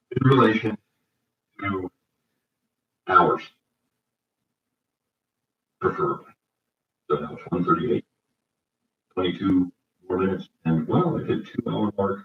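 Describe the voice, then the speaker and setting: A man rambling on a solo livestream from his home cabin, talking into a laptop, halting and restarting often. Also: sits low, husky, lo-fi sound. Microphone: laptop microphone.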